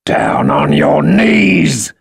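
Man putting on a menacing vengeful sailor, slow growling threats, gravelly, storybook reading. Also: mid-range voice, lively intonation, dry recording, studio quality, heavily acted.

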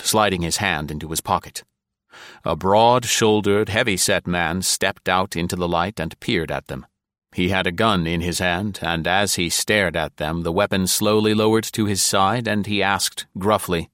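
This is a deep-voiced man narrating an audiobook, keeping his storytelling even and measured. The sound is clean studio audio without any echo.

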